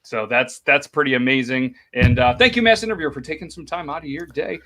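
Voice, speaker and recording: A man's voice: fairly high pitch, fast talker, bright, forceful tone. A man hosting a podcast game segment in a playful, upbeat way, with many fillers. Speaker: podcast host. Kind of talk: casual game-show hosting.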